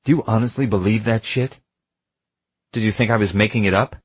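Bitter grieving older brother voiced by a man, blunt, swearing, deep, husky. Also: fairly quick, no echo. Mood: scornful.

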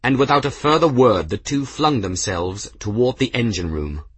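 A man reading fiction as an audiobook narrator, in a steady, measured scripted narration. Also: mid-range voice, slightly rough, no echo.

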